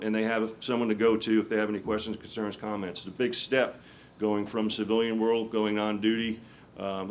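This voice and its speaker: A man, a fire department officer, introducing a colleague at a ceremony in an earnest, measured way with fillers. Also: fairly low pitch, a little hiss or hum. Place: ceremony with an audience.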